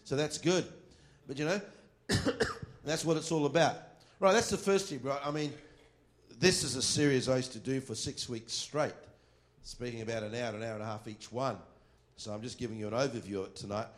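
A man preaching a sermon on worship. He reads scripture aloud slowly and firmly and drops into quiet asides. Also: mid-range voice.

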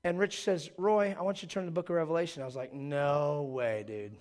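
A middle-aged man preaching a sermon, his voice a bit high for a man. He tells stories with an animated, jokey delivery and acts out the people he quotes. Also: racing. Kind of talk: sermon with storytelling.

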